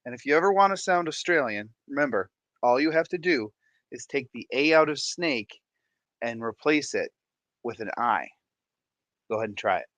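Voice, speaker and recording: A man's voice: mid-range voice, lively intonation, moderate pace, long pauses, fairly bright tone, no room sound. A man hosting an aquarium channel, chatting to camera in a playful, jokey way, with showman hype and frequent laughs. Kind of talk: casual chat to camera.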